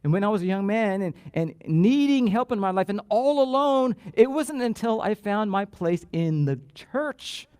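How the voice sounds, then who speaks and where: A pastor preaching a sermon in church, animated and emphatic, often repeating words and drawing out key phrases. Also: male voice, sits high, moderate pace, hardly any pauses, smooth, no room sound, studio quality. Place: church sanctuary.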